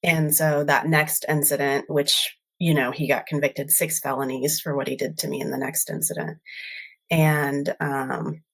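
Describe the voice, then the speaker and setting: A woman podcast host telling a personal story in an earnest, halting way. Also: low voice, level tone, creaky, fairly bright tone. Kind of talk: personal interview talk.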